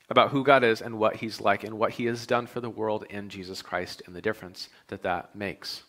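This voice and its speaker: Bright-voiced man preaching a sermon. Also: medium pitch. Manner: conversational storytelling, animated when quoting himself. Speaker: pastor.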